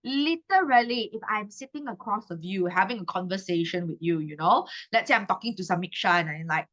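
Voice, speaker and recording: Chatty Malaysian woman tutor, bright voice. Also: medium pitch, lively intonation, fairly quick, few pauses, dull audio. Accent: Malaysian English. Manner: chatty, tags lines with "okay?". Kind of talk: exam-prep class.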